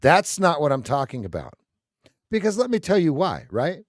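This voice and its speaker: Blunt, sarcastic ranting man with a lively voice. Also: a little high, moderate pace, no echo, studio quality. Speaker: trading stream host. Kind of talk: live trading stream chat.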